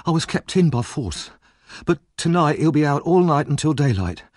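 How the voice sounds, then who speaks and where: A man's voice: on the high side, sing-song, moderate pace, a little mellow, no room sound, voice pushed up. A frightened young woman from a thieves' gang speaks in a raised, breathless voice, performed by a man reading an audiobook. She presses her words out urgently, full of fear. The sound is close and dry. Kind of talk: audiobook character voice.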